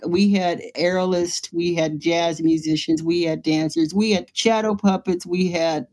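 A woman artist and playwright from the United States, telling a lively story in an interview, acting out voices and laughing often. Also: fairly low pitch.

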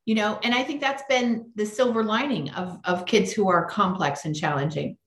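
A woman hosting a podcast interview, talking in a pragmatic, brisk and direct way. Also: mid-range voice, a bit bright, roomy sound. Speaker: podcast host.

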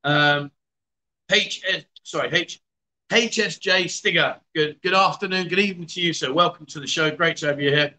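A man's voice: on the high side, normal speed, sharp tone, low-quality recording. A man hosting a casual livestream, hungover, greeting viewers by name in a chatty, self-mocking way. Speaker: livestream host.

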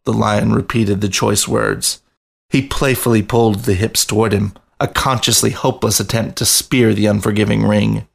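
A man reads a story aloud for his podcast in a steady, even voice. His register sits low, with a gravelly fry running through it. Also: normal speed. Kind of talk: reading fiction aloud.

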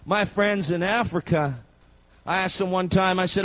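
A man preaching a sermon with passion and telling stories, sometimes breaking into shouts. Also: sits high, fairly even intonation, normal speed, dull audio. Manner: impassioned, rising to shouts.

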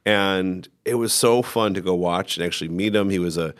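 Deep-voiced man chatting casually. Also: normal speed. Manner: easygoing, storytelling. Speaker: podcast host. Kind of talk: casual chat.

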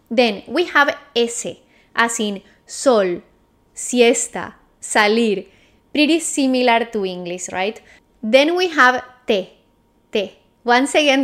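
A woman with a Spanish accent teaching a clear, patient pronunciation lesson. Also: a little high, a bit bright. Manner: clear, patient, checks in with "okay?".

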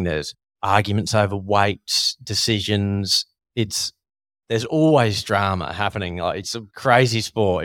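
Man, Australian accent, podcast guest, storytelling, low voice, dry sound. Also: dry recording. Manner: animated storyteller with fillers like "sort of" and "like". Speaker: guest, former Thai boxer. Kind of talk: casual storytelling.

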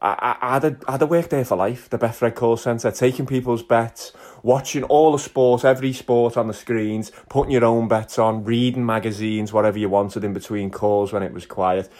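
A man's voice: medium pitch, fairly even intonation, normal speed, few pauses, a little mellow. A man, reminiscing in a laid-back, sweary casual chat. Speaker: podcast co-host.

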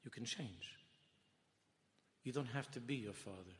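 Man, rabbi lecturing, impassioned, swings from loud to hushed, long hall reverb, mid pitch. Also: a little slow. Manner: impassioned, rising to loud emphasis then dropping to hushed tones; mixes Hebrew and Yiddish terms into English. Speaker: rabbi giving a Torah class. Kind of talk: sermon-style Torah lecture.

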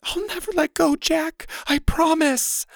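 A man voicing a theatrical young schoolgirl actress who speaks in a strained, hoarse, over-the-top way. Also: very high voice, steady tone, unhurried, a bit bright, no room sound, studio quality, voice pushed up, exaggerated voice. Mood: tragic.

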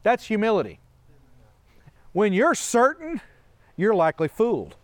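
Animated preacher, male, high voice, dry close recording. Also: a little slow, no room sound. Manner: animated, asks many rhetorical questions, laughs often. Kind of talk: sermon.

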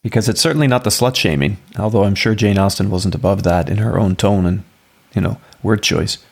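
A man with a low, slightly husky voice who co-hosts a relaxed book podcast. He listens closely, prompts his co-host with questions and adds his own points in a measured way. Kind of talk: casual book discussion.

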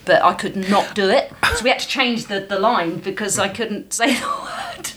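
A woman's voice: mid-range voice, moderate pace, fairly bright tone, slight background noise. A woman puppeteer and voice actor chatting as a podcast guest, effusive and gushing. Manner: effusive and gushing, repeats her praise. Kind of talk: casual chat.

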